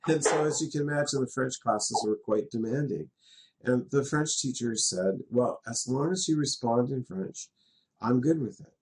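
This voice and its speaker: A man's voice: medium pitch, moderate pace, a little mellow. A middle-aged man from western Canada teaching a class, patient and chatty, laughing now and then as he explains. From Canada, West Coast. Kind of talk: classroom lesson in a virtual world.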